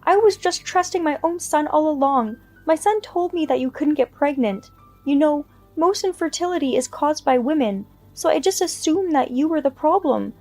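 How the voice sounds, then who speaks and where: A woman voicing a shrill, indignant mother-in-law. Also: expressive, normal speed, darkish tone, faint music behind. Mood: defensive. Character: furious older woman, a scheming mother-in-law.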